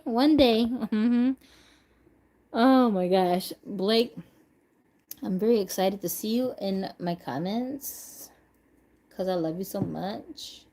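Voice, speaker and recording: A woman talking loosely through a long livestream, easygoing and full of slang. She drifts from thought to thought and breaks into laughter often. The talk stays unscripted and relaxed, like hanging out. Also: mid-range voice. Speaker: doll customizer streaming live. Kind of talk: casual livestream chat.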